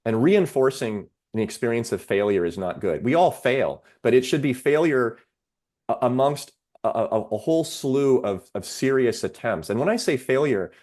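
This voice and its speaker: A man's voice: medium pitch, expressive, a little mellow. A man, a psychiatrist guest on a podcast, explaining ideas steadily with worked examples. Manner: measured, lays out ideas with examples. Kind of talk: explanatory interview talk.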